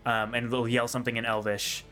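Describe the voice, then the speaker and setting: A man's voice: medium pitch, flat delivery, fairly quick, pushed and bright, faint music behind. A man narrating as game master of a tabletop game, rambling with many ums and frequent laughs.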